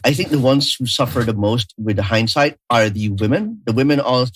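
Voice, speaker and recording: A man's voice: medium pitch, lively intonation, fairly quick, background noise. Wry, joking male podcast co-host. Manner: wry, joking, stumbling restarts. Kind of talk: casual chat.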